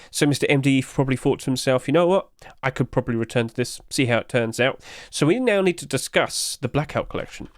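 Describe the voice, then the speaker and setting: A young man talks casually through game skins, chatty and often putting questions to his viewers. His voice sits fairly high. The sound is dry and close, with no room around it. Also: no room sound. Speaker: video game skin reviewer.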